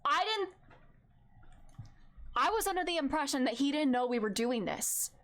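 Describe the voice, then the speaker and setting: A woman's voice: high voice, lively intonation, normal speed. A woman streamer giving casual, rambling gameplay commentary in an amused, chatty way. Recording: loud game music behind.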